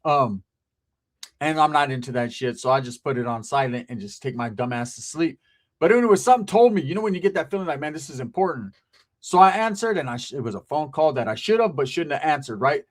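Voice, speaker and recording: Guy with a kinda high voice rambling through a story, cussing, keeps saying right?. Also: animated, fast. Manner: loose, rambling, swearing, asks "right?". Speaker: storyteller vlogger. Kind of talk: casual profane storytelling.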